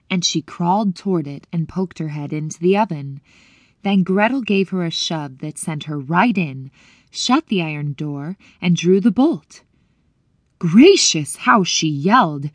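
A woman narrating an audiobook in clear, measured storytelling that lifts at moments of wonder. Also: lowish voice, lively intonation, dry recording, studio quality. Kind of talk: scripted narration.

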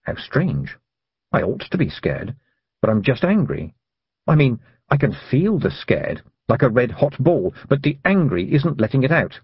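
A man voicing a stubborn, thoughtful young girl who thinks to herself quietly, with calm anger. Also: medium pitch, measured pace, husky, no room sound, lo-fi sound, heavily acted. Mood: quietly angry. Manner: quiet, inward, calmly angry.

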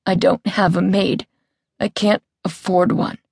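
A woman's voice: on the low side, little pitch movement, measured pace, vocal fry, no echo. Whimpering, aggrieved melodramatic woman, read by a female narrator; dry studio sound. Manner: aggrieved, histrionic, soft distressed tone.

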